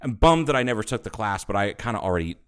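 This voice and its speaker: A man co-hosting a podcast, telling stories in casual chat, animated and swearing freely. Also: lowish voice, rapid-fire, clear, resonant tone. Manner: animated storyteller, swears a lot, acts out quotes. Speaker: podcast co-host.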